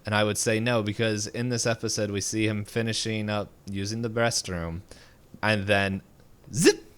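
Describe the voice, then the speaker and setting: A man's voice: lowish voice, level tone, normal speed, fairly bright tone, smooth. A young man co-hosting a podcast in casual chat, rambling with many fillers and restarts. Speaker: podcast co-host.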